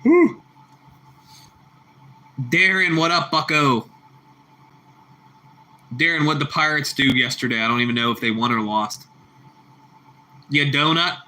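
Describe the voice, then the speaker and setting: A man chatting on a casual livestream with a bright, forceful voice. He talks in loose, repetitive bursts and laughs easily. He calls his viewers bro and bucko. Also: mid-range voice, fairly even intonation, moderate pace, long pauses. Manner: laughs a lot. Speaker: livestream host reading chat.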